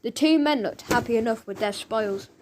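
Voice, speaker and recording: A woman narrating a children's audiobook in a lively, expressive storytelling manner. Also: on the high side, moderate pace, background noise.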